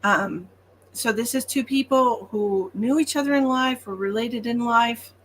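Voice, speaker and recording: Reassuring chatty woman, higher voice. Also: unhurried, slight background noise. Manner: chatty and reassuring, with frequent ums. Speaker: psychic medium. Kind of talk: livestream reading.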